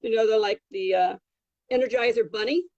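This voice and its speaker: A woman's voice: a little high, fairly quick, a little mellow, no room sound, muffled recording. An older woman, a travel nanny, telling rambling stories from her career in a casual interview. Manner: rambling, many fillers and restarts. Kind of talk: casual anecdotal storytelling.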